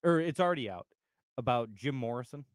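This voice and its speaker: A man's voice: mid-range voice, expressive, fairly quick, no room sound. A man hosting a local sports radio show, chatting casually with his co-host and laughing easily. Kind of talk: casual on-air chat.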